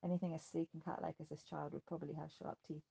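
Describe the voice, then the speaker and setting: Gravelly woman reading a novel. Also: low voice, level tone, fast, dark tone. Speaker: audiobook narrator. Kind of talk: scripted narration.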